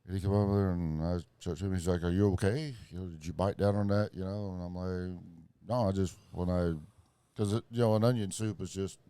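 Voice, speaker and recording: Low-voiced man telling a rambling story. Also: steady tone, fairly quick, warm tone, clear, resonant tone, no room sound. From Springfield, Missouri area. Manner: rambling, profane, many fillers and restarts. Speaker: podcast co-host. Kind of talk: casual storytelling chat.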